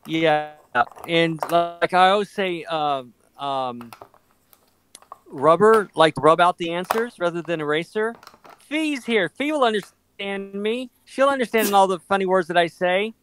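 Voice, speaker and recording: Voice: medium pitch, lively intonation, unhurried, fairly bright tone, a little hiss or hum. A co-host on a casual craft livestream, chatty and reading out viewer comments.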